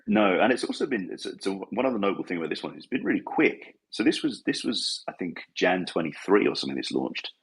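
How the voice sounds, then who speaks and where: A man's voice: low voice, big pitch swings, fast, hardly any pauses, slightly rough, rough recording. A man chatting on a podcast, talking hesitantly with frequent restarts. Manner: hesitant, many restarts and fillers. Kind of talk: casual podcast chat.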